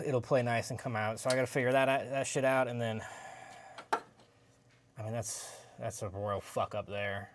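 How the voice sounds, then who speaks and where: A man's voice: on the low side, a little hiss or hum. A man talking casually and profanely while working on his car, often trailing off and restarting his sentences. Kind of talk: casual garage vlog.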